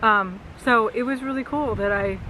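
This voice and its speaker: A woman's voice: on the high side, moderate pace, bright, forceful tone. A woman co-hosting a casual vlog outdoors, talking with eager enthusiasm. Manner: enthusiastic, gushing. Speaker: vlog co-host. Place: outdoors on a coastal cape. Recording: noisy outdoor camera audio.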